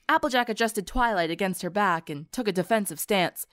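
A woman narrating a story for an audiobook in an expressive storytelling manner. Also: medium pitch, fairly quick, no echo, clean studio sound. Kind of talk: audiobook narration of fan fiction.

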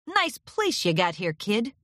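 A woman voicing a gruff, scratchy older male pony who is a secret agent boss, blunt and commanding in a storybook reading. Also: medium pitch, sing-song, a little slow, a bit bright, dry recording, clean studio sound.

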